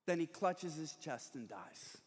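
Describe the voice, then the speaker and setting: High-voiced pastor in a reverberant sanctuary. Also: male voice, animated, measured pace, breathy edge. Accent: Texan. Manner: storytelling with humor and quoted last words. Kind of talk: sermon. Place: large church sanctuary.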